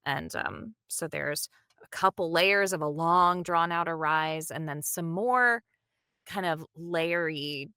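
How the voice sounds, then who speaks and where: A woman's voice: sits low, slow pace, pushed and bright, smooth, no room sound, clean studio sound. A woman, a dub director, talking animatedly in an interview and acting out the lines she quotes. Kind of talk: interview, behind-the-scenes talk.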